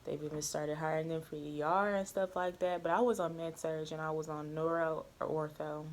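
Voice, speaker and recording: A woman's voice: sits low, moderate pace, slight background noise. A young woman, a nursing student chatting candidly and with a lot of swearing as she tells her story. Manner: candid, profane, animated retelling. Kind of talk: casual storytelling chat.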